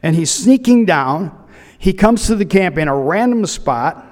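A man's voice: high-pitched, lively intonation, unhurried, a little mellow, long reverb tail. A man preaching a sermon, retelling a scripture story with humorous asides. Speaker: pastor.

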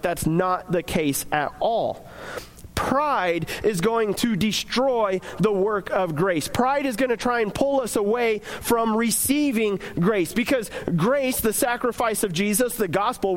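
A young man preaching in a casual, conversational way, often acting out imagined inner voices. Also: high voice. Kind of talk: casual sermon.

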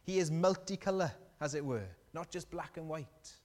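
A man's voice: a little high, normal speed. Man preaching in a reverberant hall. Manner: animated storytelling with questions to the congregation. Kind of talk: sermon.

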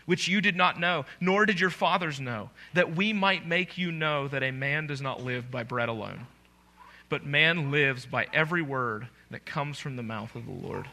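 A man's voice: on the high side, normal speed, creaky, pushed and bright. A male pastor preaching a sermon, emphatic and full of rhetorical questions to his congregation.

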